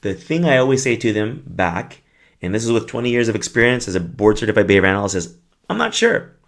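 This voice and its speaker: A man's voice: fairly low pitch, fast talker. A middle-aged man, a behavior analyst, giving a conversational parenting lesson and acting out short dialogues. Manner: conversational, acts out little dialogues.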